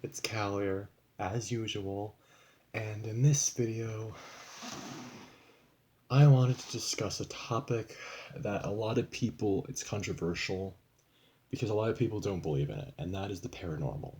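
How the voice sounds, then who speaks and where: Young guy ranting on a vlog, lowish voice, swears a lot, kinda rambly. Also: moderate pace, warm tone. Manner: rambling, profane, frustrated. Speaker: vlogger. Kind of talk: casual venting vlog.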